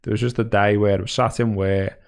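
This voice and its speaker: A man co-hosting a casual podcast, telling stories with animated rants. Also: lowish voice, brisk, vocal fry. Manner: animated storytelling, acting out his own rants. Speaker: podcast co-host. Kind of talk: casual chat.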